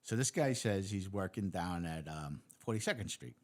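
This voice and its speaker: A man's voice: low voice, moderate pace. A man, a former police officer hosting and sharing stories. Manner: relaxed recollection with street-by-street detail. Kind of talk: casual storytelling.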